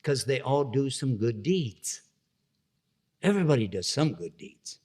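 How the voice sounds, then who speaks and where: A man giving a religious lecture in a relaxed, conversational way, often turning to the audience with questions. He brings his points to life with small acted-out scenes and voices, keeping the tone lightly humorous between serious reminders. His voice sits at a middle pitch for a man. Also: unhurried, breathy edge. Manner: storytelling, acting out little scenes with funny voices. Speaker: Islamic lecturer.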